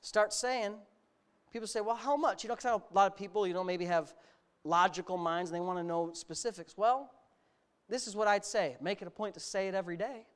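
A middle-aged man preaching a sermon, animated and sarcastic, rising to near-shouts. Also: high voice, brisk, clear, resonant tone. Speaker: pastor.

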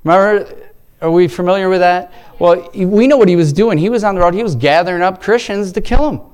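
A man's voice: sits high, brisk, darkish tone, clear, resonant tone. A man giving an informal devotional talk to a church group. He rambles, breaks off mid-sentence and keeps exclaiming praise. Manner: rambling, self-interrupting, exclamatory. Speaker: lay church speaker.

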